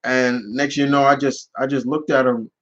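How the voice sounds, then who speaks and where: Male streamer host, casual rambling storyteller, mid pitch, slightly muffled audio. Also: flat delivery, normal speed, fairly bright tone. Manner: rambling storyteller with many restarts and fillers. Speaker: channel host answering live questions. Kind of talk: casual live Q&A chat.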